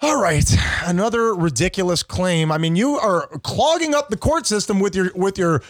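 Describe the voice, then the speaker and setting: A man's voice: high voice, expressive, moderate pace, no echo, studio quality. A man co-hosting a comedy show, playing an impatient, brusque judge in an improvised courtroom bit. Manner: brusque, impatient, mock-stern. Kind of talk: improvised comedy role-play.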